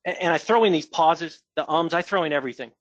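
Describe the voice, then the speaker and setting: A man training a sales agent, coaching and demonstrating how to pitch on a call. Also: fast, no echo, muffled recording. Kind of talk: coaching a role-play call.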